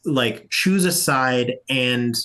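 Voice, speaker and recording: A man running a tabletop game as game master, explaining rules in a relaxed, easygoing way. His voice sits at an ordinary middle pitch. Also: very slow.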